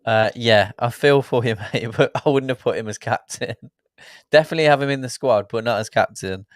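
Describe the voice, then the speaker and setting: Male host, mid-pitched, chatty, reads comments, dry audio. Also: a little fast, no room sound. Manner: chatty, reads viewer comments, laughs often. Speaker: fan show host. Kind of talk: live football watchalong chat.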